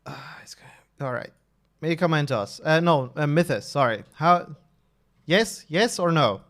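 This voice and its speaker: Male streamer, 30s, casual live chat; bright-ish voice, very animated pitch, lots of self-corrections. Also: measured pace. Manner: talkative, self-correcting, restarts often. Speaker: streamer and level designer.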